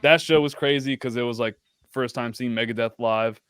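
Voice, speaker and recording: A man's voice: mid-range voice, fairly even intonation, normal speed, clean tone, no echo. A man guest on a podcast chatting casually, rambling with lots of "like" and "um". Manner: rambling, full of "like" and "um". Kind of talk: casual chat.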